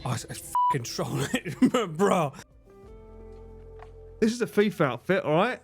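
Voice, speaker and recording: A man's voice: high-pitched, sing-song, unhurried, pauses often, husky, faint music behind. Swearing man streaming games. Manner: swearing, laughing, sudden loud yelps. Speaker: livestreamer. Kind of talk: casual gaming stream commentary.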